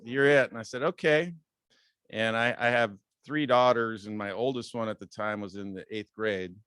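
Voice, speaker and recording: A man in his fifties giving a casual talk as a guest speaker, relaxed and rambling with many fillers, lifting his voice when quoting others. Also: fairly low pitch, normal speed, clean tone, no echo, studio quality. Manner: acts out quoted dialogue in a raised voice. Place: club meeting room.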